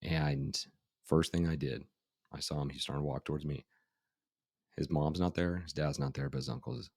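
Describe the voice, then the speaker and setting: A man's voice: a bass voice, normal speed, creaky, a little mellow, breathy edge, dry recording, studio quality. A middle-aged man, a life coach guest on a podcast, telling a story casually and often saying "you know" and "right?".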